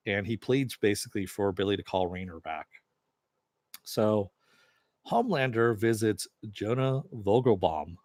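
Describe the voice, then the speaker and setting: Low-voiced man rambling through a recap. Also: unhurried, darkish tone, no room sound, studio quality. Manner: rambling retelling with many fillers and "he goes". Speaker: TV episode reviewer. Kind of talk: casual episode recap.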